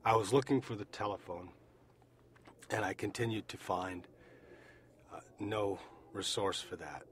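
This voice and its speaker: An American man recounting his own experience as an eyewitness, speaking deliberately and repeating phrases for emphasis. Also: lowish voice, a little hiss or hum. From United States. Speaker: eyewitness survivor. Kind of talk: personal testimony.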